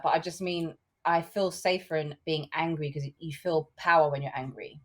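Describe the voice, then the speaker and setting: A woman's voice: low-pitched, fairly quick, few pauses. A woman co-hosting a podcast, talking frankly and bluntly in a casual discussion. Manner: frank, blunt and animated, with swearing. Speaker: podcast co-host.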